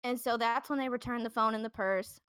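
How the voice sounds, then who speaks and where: Speaking briskly in a fairly high, bright, smooth voice, a woman hosts a podcast and tells a true-crime story. Her telling is loose and chatty, packed with fillers and restarts. The podcast-mic recording is dry and studio-clean.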